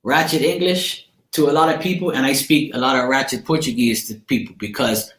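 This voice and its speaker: A man's voice: mid-range voice, fairly even intonation, fairly quick, fairly bright tone, roomy sound. A man from Bermuda with a Bermudian accent, rambling in slangy, profane casual chat as he hosts a livestream. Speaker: livestream host.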